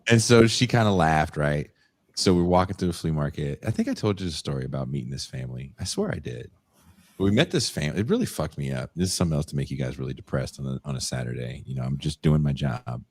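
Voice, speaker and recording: A bass voice with lively intonation and a breathy edge belongs to a fast-talking young podcast co-host. His casual storytelling is profane, and he imitates the people in his tales.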